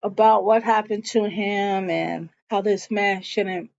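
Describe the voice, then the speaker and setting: A woman's voice: mid-range voice, steady tone, slow, vocal fry, darkish tone, slight background noise. A woman giving a chatty, slangy, casual recap of a TV episode. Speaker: show recapper. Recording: dull lo-fi recording.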